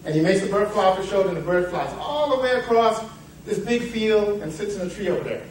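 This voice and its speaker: Guy with a high voice telling a story at a seminar, kinda rambly, mic far off in a big echoey room, faint hiss. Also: animated, fast. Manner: rambling storyteller, self-interrupting, playful asides. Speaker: seminar speaker. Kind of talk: motivational talk with a told parable. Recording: echoey hall, picked up from afar.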